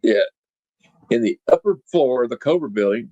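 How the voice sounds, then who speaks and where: A man's voice: fairly low pitch, lively intonation, brisk, darkish tone, highs cut off. Man reading a comic aloud, casually. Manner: casual, reads dialogue with playful voices. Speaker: comic book podcast host.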